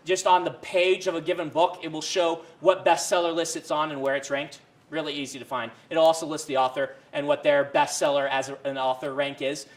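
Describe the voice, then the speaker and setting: Rambling man giving a casual lecture. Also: on the high side. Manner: rambling, many fillers and self-corrections. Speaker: university creative writing lecturer. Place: university lecture room.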